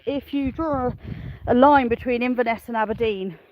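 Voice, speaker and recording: A woman's voice: on the high side, normal speed, muffled recording, slight background noise. A woman chatting cheerfully to the camera as she walks her farm, laughing often and talking to her animals and viewers. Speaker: smallholding farmer and vlogger. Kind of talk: chatty outdoor farm vlog. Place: outdoors on a farm.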